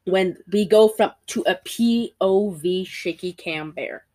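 A woman chatting casually about a movie she just watched, animated and giggly, often breaking into character voices. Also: mid-range voice, slow pace. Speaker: podcast co-host. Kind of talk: casual movie review chat.

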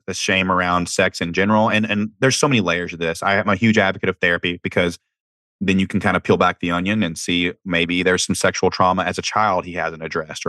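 A man's voice: sits low, sharp tone, no echo, studio quality. A young adult man hosting a podcast, giving candid conversational advice and often restarting his words. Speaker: podcast host. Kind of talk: casual advice talk.

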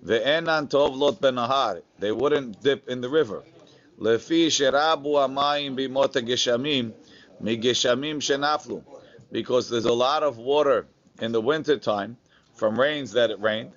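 A man's voice: mid-range voice, unhurried, fairly bright tone, muffled recording. A man teaching a Talmud class, chanting the Aramaic text and then explaining it in plain English, with the odd joke to his students. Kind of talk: Talmud class, reading and translating.

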